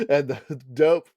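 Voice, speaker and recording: A man's voice: on the high side, mellow, dry recording, dull audio. A man co-hosting a podcast in casual chat, rambling and laughing often. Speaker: podcast co-host.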